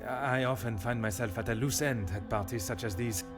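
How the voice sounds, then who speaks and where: An actor playing Hercule Poirot, a refined middle-aged detective who speaks politely and measuredly, over game music. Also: male voice, mid-range voice, a little fast, lightly acted. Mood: courteous.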